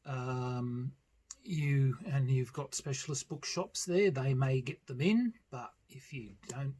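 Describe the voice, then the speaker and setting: Slow husky older Australian man. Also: mid-range voice, darkish tone. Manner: rambling and self-deprecating. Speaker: board game vlogger. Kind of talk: casual chat.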